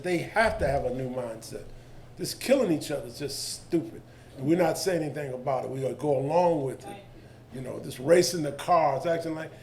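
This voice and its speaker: This is an older man, telling stories on a panel in a lively, colloquial way. His voice sits a touch high for a man, and he slips into the voices of the people in his stories. A faint hiss of noise runs under the recording. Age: 70s. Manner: animated, colloquial, jumps into voices of others. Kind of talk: storytelling panel talk.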